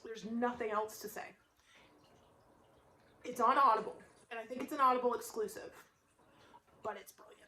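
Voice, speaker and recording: A woman book vlogger chatting casually, rambling into animated stories and laughing often. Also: on the high side, moderate pace, pauses often, echoey room, slight background noise, low-quality recording. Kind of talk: casual chat.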